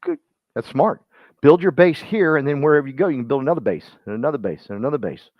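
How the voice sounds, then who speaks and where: A man with a drawl gives a folksy, animated motivational talk to a room of colleagues, calling on people by name. His mid-range voice comes across dry and slightly dull, with a lo-fi quality. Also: mid-range voice, quick pace, dry recording. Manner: folksy and animated, speaks straight to listeners by name. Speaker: real estate team speaker. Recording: dull lo-fi sound.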